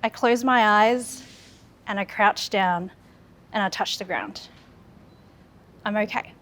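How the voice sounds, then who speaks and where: An Australian woman in her thirties speaks slowly in a mid-range, slightly bright voice. Her speech is a sincere, frank account of her life that builds on phrases she keeps coming back to.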